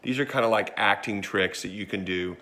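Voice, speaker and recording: Recorded on a phone roughly a foot away, a man teaching church video walks through filming skits in a casual, hands-on tutorial. He talks fairly quickly, on the low side, with a bright, forceful tone.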